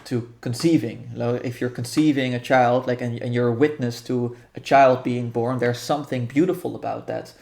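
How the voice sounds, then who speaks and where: A man calmly explaining how a guided meditation practice will go, thinking aloud with frequent restarts. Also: mid-range voice, gravelly. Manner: thoughtful, halting, many restarts and fillers. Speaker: guest guiding a meditation practice. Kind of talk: explaining a practice in casual conversation.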